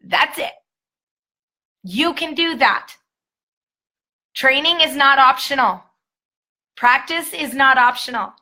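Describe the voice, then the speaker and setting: A woman leads a motivational training talk on a live stream, with an emphatic, upbeat pep-talk delivery. Her voice is bright and forceful and sits a bit high for a woman. She is recorded close on a webcam or phone. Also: takes it slowly, pauses often. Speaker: sales team trainer.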